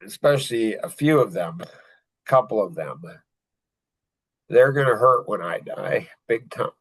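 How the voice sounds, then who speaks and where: A man speaks slowly and thoughtfully as he shares a personal story, often pausing and restarting his sentences. His voice sits at an ordinary pitch, and the recording is close and dry with no room sound. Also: animated, slightly rough, dry recording, rough recording. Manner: reflective and halting, many pauses and restarts. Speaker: podcast host.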